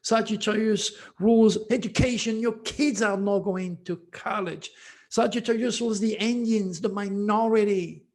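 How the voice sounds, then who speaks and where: A man's voice: high-pitched, normal speed. A man hosting his own channel as an astrologer, speaking in an emphatic, repetitive monologue that scolds his listeners.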